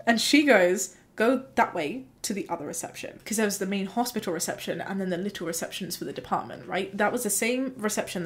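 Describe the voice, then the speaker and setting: A woman telling a personal story in a chatty, animated vlog, often breaking into laughter. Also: mid-range voice. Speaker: YouTube storyteller.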